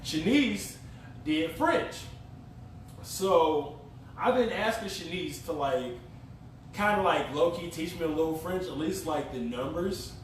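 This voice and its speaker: Young man, casual podcast co-host, a bit high-voiced and animated, laughing and swearing through his stories, heard from off the mic in a very echoey room with faint background hiss. He talks as if he is among friends. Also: takes it slowly, distant mic. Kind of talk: casual chat. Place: room recorded for a live stream.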